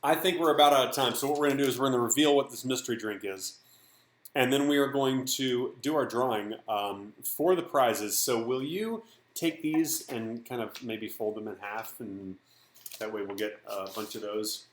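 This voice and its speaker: A man's voice: mid-range voice, moderate pace. A man from Texas hosting a casual livestream, chatty and upbeat, thanking donors and reading messages. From Dallas, Texas. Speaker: livestream host. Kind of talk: casual live-stream chat. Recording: echoey room.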